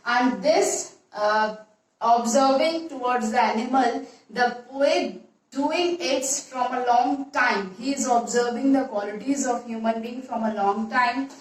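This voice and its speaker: Woman, teacher, slow repetitive explaining, very echoey room. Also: a little high. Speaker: English teacher. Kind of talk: classroom poetry lesson. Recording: echoey room, voice far from mic.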